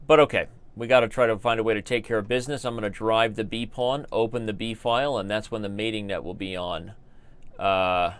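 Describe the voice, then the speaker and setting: A man's voice: lowish voice, a bit bright, clean tone, dry recording. An American man commentating his live online chess games, joking and rambling as he talks to viewers in the chat. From United States.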